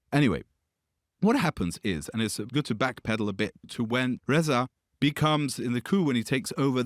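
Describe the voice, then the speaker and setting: A man's voice: lowish voice, no echo, clean studio sound. A man hosting a podcast, giving history commentary in a discursive way, often correcting himself mid-sentence with asides. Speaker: podcast host.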